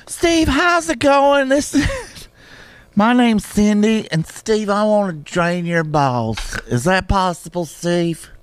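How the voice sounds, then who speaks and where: A man voicing a brash, crude female prank caller in a comedy bit on a podcast, talking in a lewd, giggling, high put-on voice. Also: expressive, slow pace, a little hiss or hum. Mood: flirty crude.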